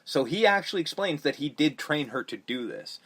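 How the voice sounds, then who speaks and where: A man hosting a podcast, chatting casually about a film in a rambling, profane way that gets animated when he mocks scenes. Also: on the high side, a little fast, husky. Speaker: podcast host. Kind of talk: casual movie review chat.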